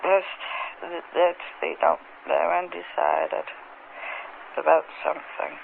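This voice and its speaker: A woman recounting an experience under hypnosis in a halting, present-tense way, often repeating words, on an old archival tape. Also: deep voice, fairly even intonation, creaky. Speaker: hypnosis subject. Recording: tinny old archival tape with faint hiss.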